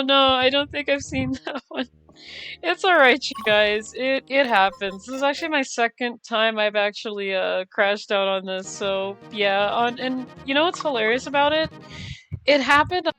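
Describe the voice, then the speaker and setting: A high-pitched woman chats with her viewers while she plays a racing game, laughing easily and greeting people by name. Faint game music plays underneath her talk. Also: fairly bright tone, low-quality recording. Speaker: streamer. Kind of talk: casual live-stream chat while gaming.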